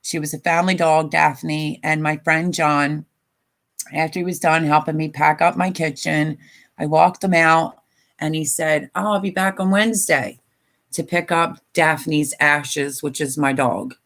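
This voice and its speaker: A woman's voice: deep voice, fairly even intonation, unhurried, a bit bright. An older woman chatting casually on a live stream, tired and emotional, rambling with many fillers. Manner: emotional, rambling, tearful at times.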